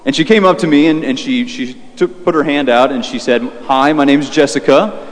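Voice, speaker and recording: A young male priest gives a sermon in a loose, storytelling way, full of "you know" and restarts. His voice sits mid-pitch and carries a long reverb from the church around him. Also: a little fast. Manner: conversational, many fillers and restarts. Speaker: Catholic priest.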